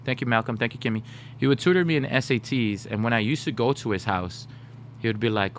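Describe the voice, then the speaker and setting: A man in his thirties streaming, telling funny stories to his chat in a casual, animated way. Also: mid-range voice, fast talker, slight background noise. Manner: animated, laughing, slips into put-on voices for quoted people.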